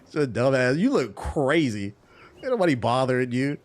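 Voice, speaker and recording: A man streaming a game while telling a story casually, animated, swearing and laughing a lot. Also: medium pitch, moderate pace. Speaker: gaming streamer.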